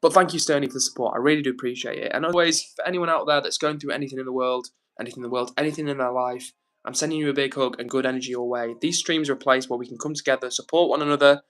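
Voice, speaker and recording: A man hosting a laid-back live stream from a home setup, reading viewer comments aloud. His voice sits at an ordinary middle pitch, and he talks in an easygoing, gentle and reassuring way. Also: steady tone, very fast. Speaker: livestream host reading chat. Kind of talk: casual live-stream chat.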